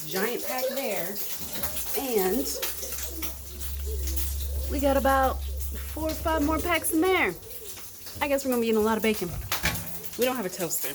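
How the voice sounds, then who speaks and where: A woman's voice: medium pitch, noisy background. A mother vlogging casually from her quarantine apartment, narrating with dry, teasing humor.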